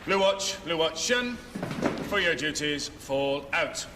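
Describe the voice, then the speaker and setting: An actor playing a firefighter reading out a roll call in a formal, reciting manner. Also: male voice, a little high, lively intonation, slow pace, long reverb tail, very noisy.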